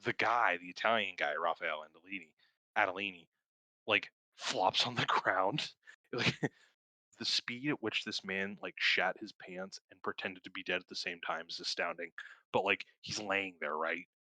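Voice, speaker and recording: Young male co-host, low pitch and bright, forceful tone, rambling and profane, laughs often. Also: animated, moderate pace, no echo. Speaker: podcast co-host. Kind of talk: casual film review chat.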